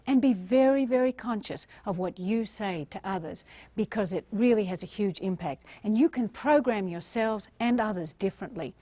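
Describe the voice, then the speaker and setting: A woman's voice: medium pitch, dark tone, no echo. A woman from Australia, giving a motivational talk and acting out the voices she quotes. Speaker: motivational speaker.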